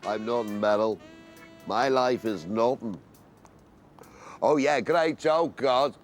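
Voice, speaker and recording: A man's voice: medium pitch, slow pace, over music, close to an everyday voice. A comic actor playing a despairing working-class man, in sketch comedy. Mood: glum. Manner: gloomy, then shouting in despair. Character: despairing Liverpudlian man without a catchphrase.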